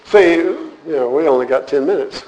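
In this lo-fi recording with slight background noise, a man speaks in a somewhat high, sing-song, slightly mellow voice at a normal pace. He's a teacher running a church class, delivering a relaxed, joking sermon to a live audience that turns serious when he makes a point.

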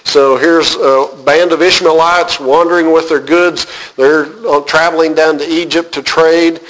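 A man teaching a Bible class, reading scripture aloud and explaining it with frequent pauses, asking his class questions. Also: fairly high pitch, steady tone, fairly bright tone, low-quality recording. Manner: unhurried, reads scripture aloud then explains with many "uh" pauses.

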